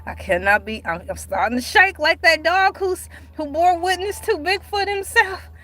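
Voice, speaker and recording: A woman chatting casually on her livestream, animated and dramatic, with sudden cries and mock outrage. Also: very high voice, normal speed. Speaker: livestream host.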